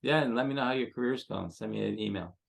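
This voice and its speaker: A man, a headshot photographer, giving rambling, halting advice full of fillers as a guest in an online seminar. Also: medium pitch, creaky.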